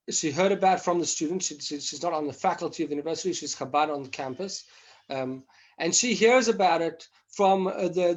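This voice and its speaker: A man teaching an informal class in memory of a rabbi, halting with many fillers and restarts, then retelling stories with animated voices. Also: high voice.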